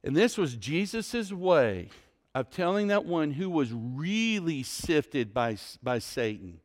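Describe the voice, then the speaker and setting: Male pastor, higher voice, storytelling sermon with dramatic loud and soft swings. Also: big pitch swings, takes it slowly.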